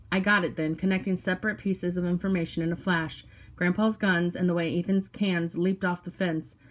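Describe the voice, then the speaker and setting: Low-voiced woman reading a novel aloud. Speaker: audiobook reader. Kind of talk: first-person novel narration.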